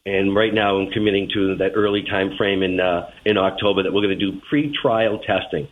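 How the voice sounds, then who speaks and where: A man with a Boston accent, a transit manager answering interview questions over the phone, measured and repeating words as he starts phrases. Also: low voice. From Boston, USA. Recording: tinny phone line with faint hiss.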